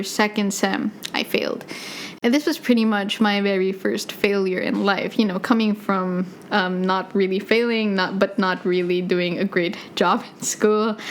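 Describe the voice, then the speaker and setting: A woman's voice: mid-range voice, slight background noise. A young woman in her twenties with a Filipino accent, hosting a podcast and telling personal stories in a chatty, self-deprecating way with frequent laughs. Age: 20s. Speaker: podcast host. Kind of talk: casual personal storytelling. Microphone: USB desk mic.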